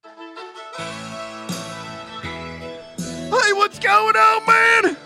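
A man's voice: very high-pitched, little pitch movement, slow, gravelly, music in the background, pitched above the performer's own voice, full character voice. A man voicing Terry, an overexcited, foul-mouthed grown man who rambles, yelps and curses in a comedy bit. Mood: hyped. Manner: hyper, yelping, rambling and cursing. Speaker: regular character.

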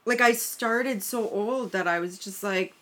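A woman co-hosting a podcast, chatting casually, reacting quickly and swearing now and then. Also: medium pitch, a bit bright. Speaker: podcast co-host. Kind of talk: casual chat.

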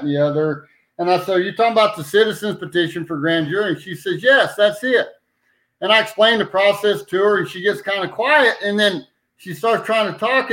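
A man's voice: sits high, fairly bright tone, low-quality recording. Folksy rambling man telling a story. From New Mexico. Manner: folksy, rambling, repeats "anyway". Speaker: podcast guest, citizen petition organizer. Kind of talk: casual storytelling.

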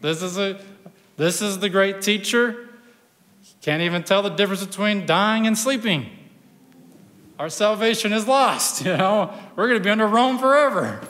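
A man's voice: sits high, moderate pace, a bit bright, in a large hall, voice pushed up. A man preaching, playing a mourner who mocks the visiting teacher in disbelief. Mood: scoffing. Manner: mocking, incredulous. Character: scoffing mourner in a crowd.

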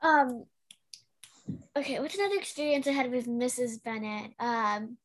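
A woman's voice: a little high, moderate pace. A young woman co-hosting a casual chat, hesitant and chatty, with fillers and self-corrections. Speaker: podcast co-host.

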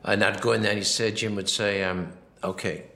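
A man's voice: fairly low pitch, little pitch movement, a little fast, bright, forceful tone, echoey room. A man giving a film commentary, rambling and anecdotal, acting out quoted dialogue as he goes. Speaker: film director.

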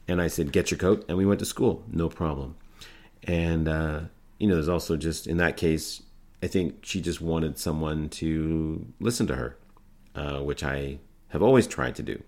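A middle-aged man with a very low voice talks through an improv lesson. He speaks informally, rambling and restarting his sentences with plenty of fillers. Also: a little slow. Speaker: improv teacher.

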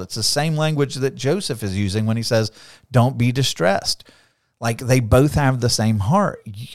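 A man's voice: medium pitch, no echo, clean studio sound. A man co-hosting a casual Bible discussion, talking with energy and acting out quoted lines, often repeating words as he goes. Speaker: podcast co-host.

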